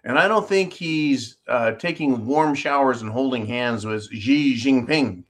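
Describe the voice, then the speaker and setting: Man, sarcastic show host, rambling rant, swears freely, reads out viewer comments, mid pitch. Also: a little slow. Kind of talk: casual ranting commentary. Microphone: holds objects up to a camera while talking.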